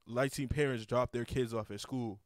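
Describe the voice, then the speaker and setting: A man's voice: medium pitch, steady tone, brisk, no room sound, clean studio sound. A young man hosting a casual podcast, rambling with lots of repeated words and cursing freely. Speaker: podcast host.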